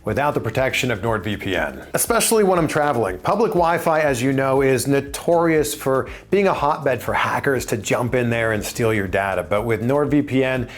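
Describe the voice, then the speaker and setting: A male podcast host pauses the interview to read a sponsor message. He keeps it upbeat and conversational, with a voice of middling pitch. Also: animated.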